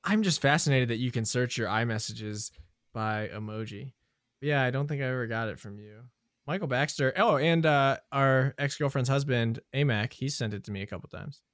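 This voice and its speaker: A man's voice: medium pitch, normal speed, fairly bright tone, no echo, studio quality. A young man hosting a casual podcast chat, rambling and playful, often laughing at himself. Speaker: podcast host.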